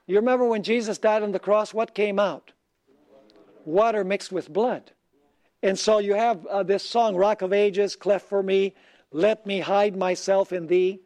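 High-voiced preacher quizzing his congregation. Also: a little mellow. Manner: asks the audience questions and pauses for them to answer; reads scripture slowly. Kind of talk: sermon.

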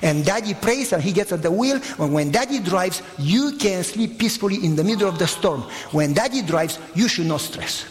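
Man playing young boy; calm, confident, lively lilt, reverberant hall. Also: sits high, normal speed, few pauses. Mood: reassuring.

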